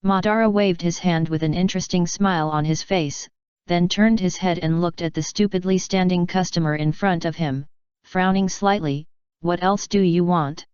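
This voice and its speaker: A woman narrating a fan fiction audiobook in a steady, even reading. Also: lowish voice, moderate pace, smooth, no echo, highs cut off.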